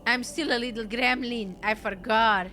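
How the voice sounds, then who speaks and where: High-pitched woman streaming a game. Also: normal speed, slight background noise. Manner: animated, swearing, reads game lines aloud in character voices. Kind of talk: casual game commentary with voiced dialogue reading.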